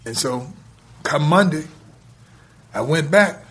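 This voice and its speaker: Husky man telling a story. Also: on the high side. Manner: animated, retells scenes with quoted dialogue, laughs between lines; colloquial grammar, drawn-out pauses. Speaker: guest telling a life story. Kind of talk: casual storytelling.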